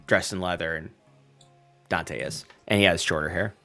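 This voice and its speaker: A man's voice: low voice, normal speed, pushed and bright, soft background music. A man narrating as game master in casual play, rambling with many fillers.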